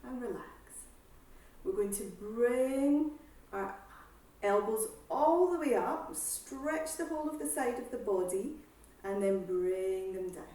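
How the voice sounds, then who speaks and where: A woman exercise instructor calmly guiding a seated breathing class, with slow breath cues and counting. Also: fairly high pitch. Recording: echoey room, voice from far off.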